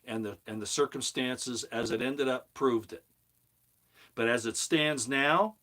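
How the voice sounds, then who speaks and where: Speaking at normal speed with a mid-range, slightly bright voice, a middle-aged commentary channel host delivers an opinionated monologue. It's heated and preachy, built on emphatic repetition.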